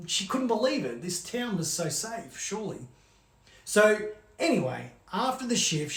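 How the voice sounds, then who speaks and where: A storyteller tells a scary tale in a casual, chatty way and leans on "like" as a filler. The voice sits in the middle of the pitch range. The room sounds echoey. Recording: roomy echo.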